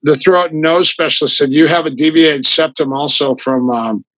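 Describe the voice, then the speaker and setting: An older man with a gravelly voice, a grappling coach telling rambling, animated stories in an interview. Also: a little high, normal speed, dry recording, low-quality recording. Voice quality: gravelly voice from a flattened throat. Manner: rambling, animated anecdotes with restarts. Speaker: guest, grappling fighter and coach. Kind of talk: casual storytelling in an interview.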